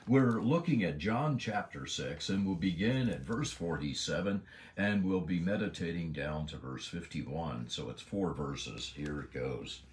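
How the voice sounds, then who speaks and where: Deep, animated male Bible teacher. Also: a little slow. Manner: earnest, emphatic, lingering on key words. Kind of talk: devotional Bible lesson.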